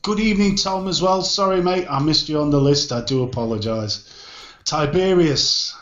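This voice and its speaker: A man's voice: on the high side, normal speed, fairly bright tone. A man hosting a casual livestream, jovially greeting viewers by name. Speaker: show host. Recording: echoey, dull online call audio.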